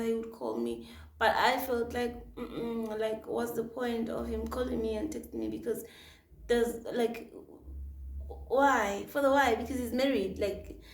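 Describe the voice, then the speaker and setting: A young woman, telling a personal story in a chatty, expressive vlog full of fillers. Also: a little high, gravelly, recorded from a distance. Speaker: vlogger. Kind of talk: casual storytime chat. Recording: echoey room, voice off-mic.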